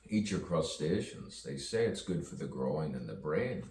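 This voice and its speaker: A man's voice: very deep voice, expressive, moderate pace, a little mellow, slight background noise. A man, a poet, rambling playfully through an improvised monologue full of rhyming wordplay and chuckles. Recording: roomy, distant mic, faint ambience.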